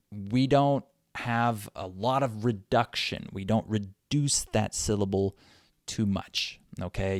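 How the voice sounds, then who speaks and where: A young man gives a podcast English lesson and works through example phrases slowly and carefully. His voice sits a little low and his pace is very unhurried. The sound is dry and close. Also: no echo. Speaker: English teacher.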